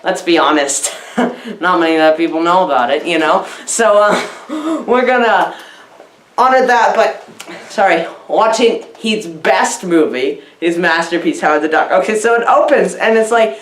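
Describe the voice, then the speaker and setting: A woman's voice: fairly low pitch, expressive, moderate pace, roomy sound. A woman giving a mock-enthusiastic comedic film review, rambling and giggly, heaping over-the-top praise.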